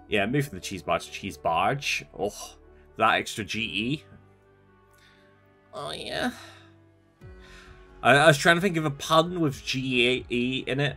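A man's voice: medium pitch, a bit bright. A young man streaming a game, chatting casually and a bit sleepily as he answers his chat in a rambling way. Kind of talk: casual live-stream chat while gaming.

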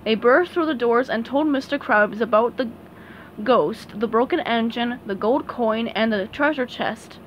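A woman reading a children's storybook aloud with animated, expressive narration. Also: a little high, unhurried, lo-fi sound, a little hiss or hum. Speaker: storybook reader.

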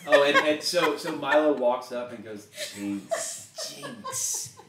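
A man's voice: fairly high pitch, normal speed, roomy sound, recorded from a distance, noisy background. A man chatting as a player at a tabletop game, hesitant and full of fillers. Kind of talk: casual chat at a game table.

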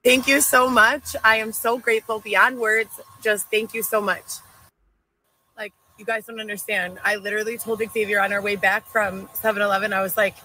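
A woman's voice: medium pitch, flat delivery, moderate pace, sharp tone, slight background noise, low-quality recording. A young pregnant woman rambling effusively in an emotional thank-you video. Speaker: streamer filmed in a played clip.

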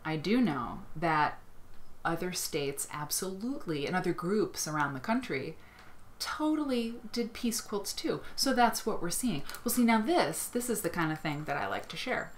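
Woman livestream host from Iowa, lowish voice, gushing and rambling, faint room hum. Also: animated, normal speed. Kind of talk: casual livestream chat.

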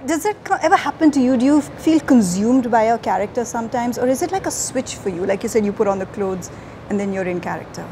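A woman's voice: on the high side, lively intonation, fast talker, warm tone, a little hiss or hum. Playful woman hosting a stage interview. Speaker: interviewer, host. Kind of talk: stage interview before a live audience. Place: stage before a live audience.

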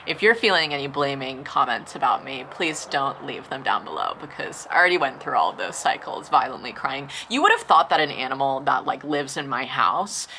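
Low, bright-voiced chatty woman vlogger. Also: lively intonation, a little fast, few pauses, slight background noise. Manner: chatty, fillers like "like" and "you know". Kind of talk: casual storytime.

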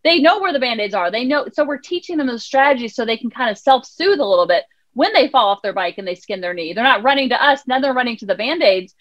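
High, fast-talking counselor woman. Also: no room sound, dull audio. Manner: animated, acts out quotes in voices. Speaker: child counselor and life coach guest. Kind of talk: podcast interview conversation.

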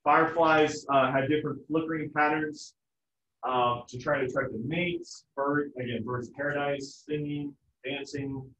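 A man's voice: on the high side, fairly even intonation, normal speed, fairly bright tone. Man, biology teacher, casual joking lecture, roomy classroom echo, distant dull sound. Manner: casual, joking, acts out family voices.

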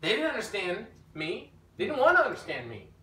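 A man preaching an informal teaching sermon, telling his own story in an animated way that rises when he gets emphatic. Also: sits high, a little fast. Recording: echoey room, mic at a distance, faint background noise.

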